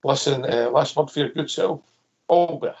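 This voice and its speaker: A man's voice: on the high side, normal speed, darkish tone, husky. A Scottish man hosting a football phone-in radio show, easygoing and friendly, thanking callers and crew. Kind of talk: casual football phone-in chat. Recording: dull lo-fi audio.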